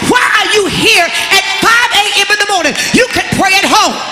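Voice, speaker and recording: High, shouting woman preacher. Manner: fervent, shouting, repetitive and rhythmic. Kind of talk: shouted sermon. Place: large church sanctuary. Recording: echoey hall with music and crowd.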